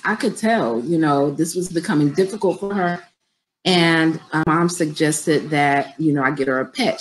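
A woman's voice: on the low side, slight background noise, poor audio. A middle-aged woman business coach talking conversationally and directly to her viewers on a live stream, with features.

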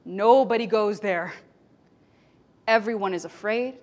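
A woman speaking to an audience from a stage, telling stories with strong feeling. Her voice sits at a middle pitch and swings from forceful to nearly whispered. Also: steady tone, a little slow. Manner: dramatic, emotional, swings between loud and hushed. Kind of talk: storytelling talk on stage.

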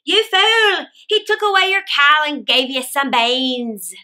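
A woman voicing an angry poor widowed mother who scolds loudly in a storybook reading. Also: high-pitched, slow, exaggerated voice. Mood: scolding. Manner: loud, scolding.

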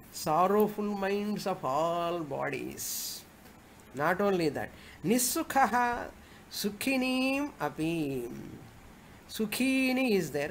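Speaking at a medium pitch over faint background noise, a woman teaching spirituality lectures on scripture. She explains with patience, echoing Sanskrit verse phrases as she proceeds.

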